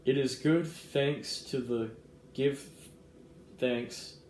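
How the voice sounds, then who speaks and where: A young man vlogging in an earnest, excitable way, reading a gift card and verses aloud. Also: medium pitch, extremely slow, a little hiss or hum. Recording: roomy echo with faint ambience.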